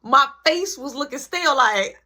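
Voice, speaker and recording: A young adult woman telling a story in a storytime vlog, slangy and animated, acting out every part. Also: high-pitched, normal speed.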